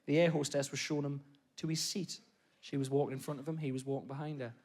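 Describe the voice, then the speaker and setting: A man on a comedy stage spins a story in a fairly high voice. He keeps jumping from loud outbursts to low mutters. His pitch moves all over the place. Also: fast. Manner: animated, swings between loud bursts and low muttered asides. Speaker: stand-up comedian. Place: comedy stage before a live audience.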